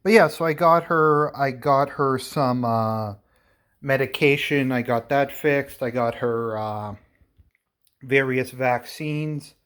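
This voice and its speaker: A man's voice: medium pitch, steady tone, slow, fairly bright tone. Chatty, rambling man, a bit breathless. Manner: rambling, chatty, laughs often, many ums. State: slightly out of breath from coffee. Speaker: pet vlogger. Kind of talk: casual chat to camera.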